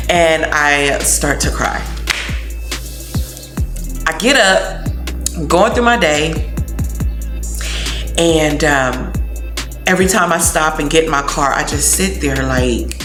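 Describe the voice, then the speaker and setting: A woman tells a personal story in a casual, slangy way and acts out the quotes. Her voice sits low. The room sounds roomy, and music plays behind her. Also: unhurried, pauses often. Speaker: vlogger.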